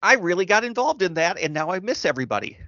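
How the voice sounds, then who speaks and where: Middle-aged man, casual chat, halting restarts, bright tone, dry dead sound. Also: high voice, big pitch swings, no room sound, lo-fi sound. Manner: halting, reflective, many restarts.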